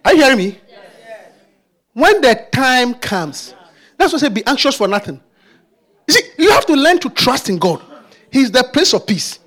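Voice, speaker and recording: A man preaching a sermon with passion. He fires off repeated questions and builds up to shouting. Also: very high-pitched, very animated, normal speed, long pauses.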